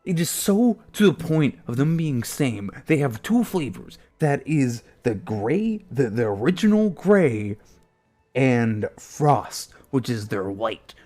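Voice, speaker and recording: A man's voice: very animated, slow, darkish tone, soft background music. Profane ranting man streamer. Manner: heated and profane, mimicking people in high silly voices. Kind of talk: casual rant on a live stream.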